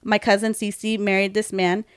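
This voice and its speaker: A woman co-hosting a casual chat podcast, telling stories with lively quoted dialogue and bits of Spanish slang. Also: mid-range voice, moderate pace, clean tone, no room sound. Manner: animated storyteller, quotes others, Spanish slang. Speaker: podcast co-host.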